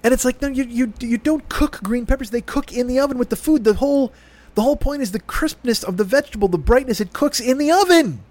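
A man's voice: extremely high pitch, fast talker, a little mellow. Exasperated man ranting. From Chicago. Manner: profane, exasperated, acts out both sides of the argument. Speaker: podcast host. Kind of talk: ranting storytelling.

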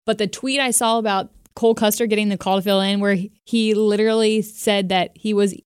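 A woman's voice: mid-range voice, steady tone, brisk, clear, resonant tone, no echo, clean studio sound. Chatty woman asking the questions. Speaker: podcast co-host. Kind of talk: casual chat.

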